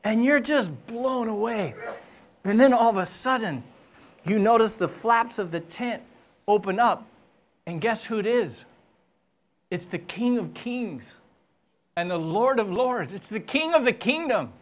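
Pastor preaching in church, unhurried but lively in pitch, playful storyteller. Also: slight background noise. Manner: animated, playful storytelling with acted-out voices. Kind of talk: sermon.

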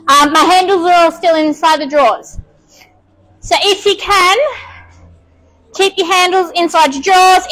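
Woman, Australian accent, high-pitched, breathless, chatty, rambling host. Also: pushed and bright, rough recording. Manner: chatty, self-talking with many ums. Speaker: furniture restorer hosting a live stream. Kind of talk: casual live-stream chat while working.

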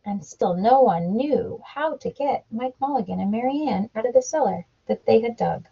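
A woman, a mother, reading a picture book aloud to her child at home, animated and playing up the sound effects. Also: on the high side, normal speed, creaky, husky. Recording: dull lo-fi home recording.

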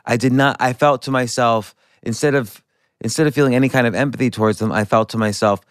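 Middle-aged male podcast host, smooth resonant voice, dry close sound, rambling storyteller. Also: mid-range voice, steady tone, fast, dry recording. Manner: rambling, self-correcting storyteller. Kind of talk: casual conversational interview.

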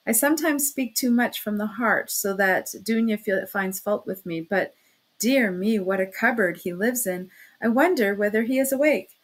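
Reading a classic novel aloud, a woman with a medium-pitched voice at a moderate pace lightly acts the part of an anxious, fluttering older mother. The character speaks timidly, sounds flustered, and keeps exclaiming.

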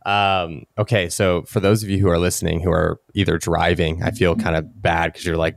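Low-voiced rambling male podcast host. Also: flat delivery, moderate pace, gravelly, hardly any pauses, dry recording, studio quality. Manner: rambling, many fillers and restarts. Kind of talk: casual podcast chat.

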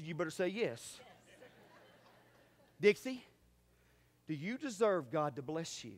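A man preaching a sermon in church, fervent and calling out to his congregation. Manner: fervent preaching that swings from loud exhortation to low asides. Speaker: pastor. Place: church sanctuary.

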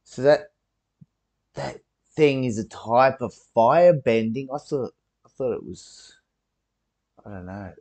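A man talking through his reaction to a show in a slow, unhurried way. He is chatty and casual, and swears freely. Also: medium pitch, darkish tone. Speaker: video reactor.

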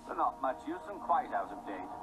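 Guy doing a smug show-off helicopter, lively storybook voice, pretty condescending. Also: medium pitch, moderate pace, loud music behind the voice, lightly acted. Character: proud boastful male helicopter.

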